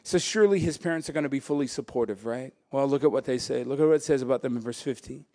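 A man preaching a sermon as pastor, animated and joking, breaking into laughter and acting out voices. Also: mid-range voice, fast.

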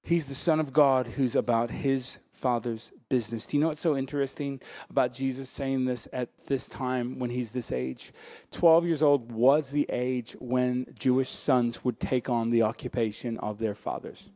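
A man preaching a sermon as pastor, animated and joking, breaking into laughter and acting out voices. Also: mid-range voice, normal speed.

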